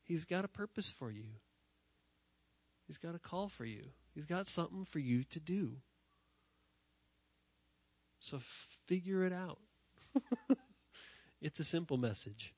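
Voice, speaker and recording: A man preaching a sermon to young people in a church, talking while sick, emphatic and direct, often repeating phrases and swinging from loud to quiet. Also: a little high, lively intonation, slow, long pauses, dry recording. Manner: emphatic, rising to near-shouting then dropping quiet; repetitive, direct address to the audience. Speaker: youth pastor.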